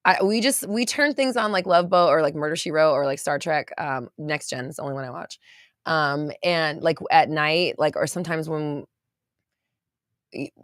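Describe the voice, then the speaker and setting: A bubbly woman with an American valley girl accent, chatting with viewers on a casual livestream from her home studio. Her voice sits somewhat low for a woman, and the sound is dry and close, with no room behind it. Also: moderate pace, dry recording. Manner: bubbly, chatty, lots of fillers and laughs. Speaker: podcast host. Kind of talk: casual livestream chat reading viewer comments.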